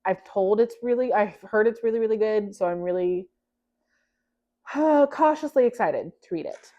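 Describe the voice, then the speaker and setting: A young woman talks casually to her camera, chatty and quick to poke fun at herself. Her voice sits at an ordinary middle pitch. The recording sounds a little dull and lo-fi. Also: dark tone. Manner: chatty, self-deprecating, restarts and laughs. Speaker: book vlogger.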